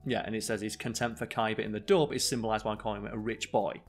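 A man's voice: fairly low pitch, fairly even intonation, fast talker, faint music behind. A young man, co-host of a casual podcast, who rambles with many fillers and restarts. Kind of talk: casual chat.

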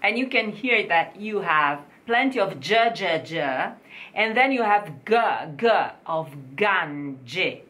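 A woman teaching diction to singers in an online lesson, slowly repeating words for the listener to copy. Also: medium pitch, animated, a bit bright.

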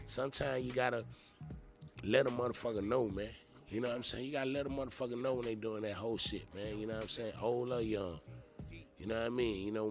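A man's voice: mid-range voice, creaky. Profane man telling stories. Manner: profane, rambling, animated retelling with many "you know what I'm saying" fillers. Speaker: podcast host. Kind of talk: casual storytelling monologue.

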